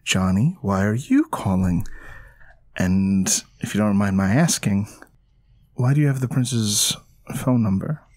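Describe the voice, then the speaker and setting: Brief: man doing a wary vampire gang leader, female, low and dry, close dry mic. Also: lively intonation, measured pace, darkish tone, no room sound. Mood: guarded.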